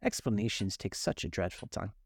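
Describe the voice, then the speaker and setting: A man's voice: fairly low pitch, slightly rough. A man reading a storybook aloud, voicing an impatient, bossy griffin who explains things matter-of-factly. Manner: brisk, impatient, matter-of-fact.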